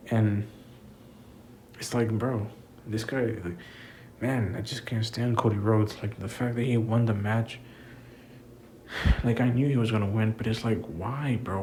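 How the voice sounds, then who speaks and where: A man's voice: fairly low pitch, a little mellow, a little hiss or hum, rough recording. A man giving a casual, rambling wrestling review, frustrated and swearing freely. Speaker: wrestling commentator vlogger.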